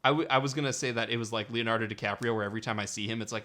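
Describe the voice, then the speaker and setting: A man's voice: medium pitch, fairly even intonation, very fast, sharp tone. A man co-hosting a podcast in casual chat, jokey and enthusiastic, often restarting his sentences. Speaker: podcast co-host.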